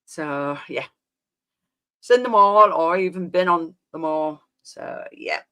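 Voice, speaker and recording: A woman's voice: deep voice, takes it slowly, a bit bright. Rambling woman in her fifties. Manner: rambling and reminiscing, often trailing off with "so, yeah". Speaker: live streamer chatting with viewers. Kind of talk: casual chat.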